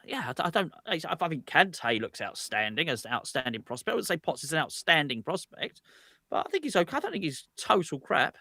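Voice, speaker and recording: A man co-hosting a casual fan chat, talking in an animated way, stammering and repeating words as he starts each point. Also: a little high, a little fast, dry recording, studio quality. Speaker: co-host of fan channel. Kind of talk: casual live watch-along chat.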